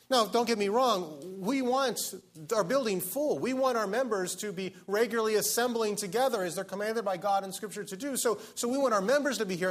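A man preaching a sermon as pastor to his church, earnest and pleading, slowing down to stress key lines. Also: high-pitched, fairly bright tone. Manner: earnest, pleading, slows down for emphasis.

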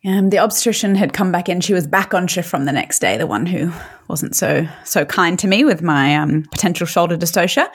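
Low-voiced woman sharing a personal story. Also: a little fast, husky. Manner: candid, emotional, with many restarts. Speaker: podcast guest.

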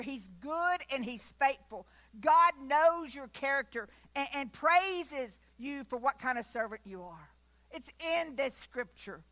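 A woman's voice: sits high, fairly bright tone. A woman preaching a sermon, fervent, at times dropping to a near whisper.

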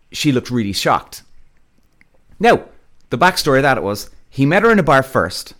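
A man hosting his own podcast, ranting casually and bluntly with lots of swearing. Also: mid-range voice. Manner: blunt, heavy swearing, animated. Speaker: podcast host.

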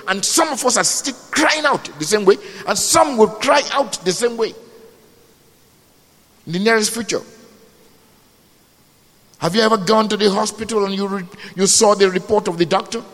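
A man preaching a sermon, rising to loud cries and dropping to low murmurs. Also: in a large hall.

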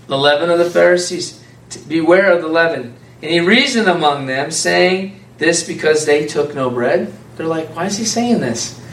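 A man preaching an informal, conversational sermon, animated and laughing often as a small group answers him. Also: on the high side, a little hiss or hum. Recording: echoey room from far off.

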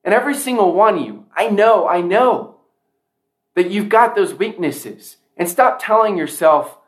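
A man's voice: high voice, lively intonation, normal speed. A man giving a motivational speech to a sales audience, emphatic, often repeating key lines for effect. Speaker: motivational speaker.

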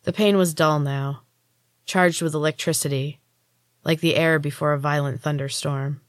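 A woman narrating a story in the first person, in an even, measured reading as a podcast host. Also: low voice, no echo, studio quality.

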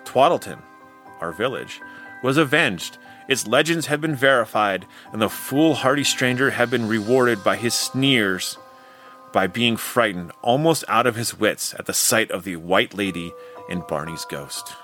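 A man narrating a Victorian ghost story in a measured, expressive storytelling manner. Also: on the low side, soft background music.

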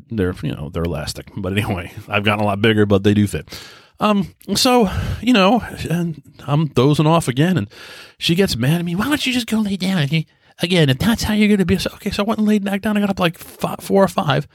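A man's voice: fairly high pitch, animated, fairly quick, dry recording. A man in his thirties hosting a solo casual podcast from home, rambling and self-deprecating with many restarts. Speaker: podcast host. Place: quiet home.

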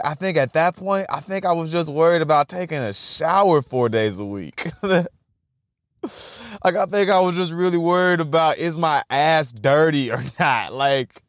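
High-voiced young man, profane rambling. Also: dry recording, clean studio sound. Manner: profane, laughing, animated storytelling. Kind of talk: casual rambling monologue.

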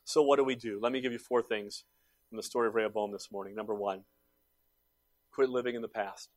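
A male pastor preaching a sermon, swinging between loud emphatic calls and quiet low asides, acting out the voices he quotes. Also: fairly even intonation, brisk, no echo.

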